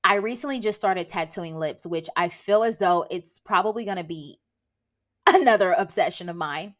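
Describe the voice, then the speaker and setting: A woman's voice: lowish voice, moderate pace. A woman in her late twenties hosting a casual solo podcast, talking emphatically and laughing often. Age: 20s. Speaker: podcast host and beauty tattoo artist.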